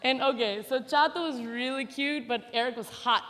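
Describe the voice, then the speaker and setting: A woman's voice: high-pitched, moderate pace, fairly bright tone, a little hiss or hum. A woman in her thirties giving a memorial speech, telling a personal story in a chatty, laughing, self-teasing way, recorded live in a large hall. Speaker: memorial speaker. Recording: hall reverb, live event.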